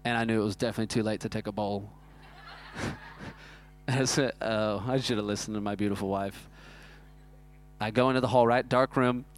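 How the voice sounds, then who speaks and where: A man, preaching a sermon that is built around a self-mocking personal story told in an animated way. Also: on the low side, normal speed, pauses often, a little hiss or hum. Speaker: pastor.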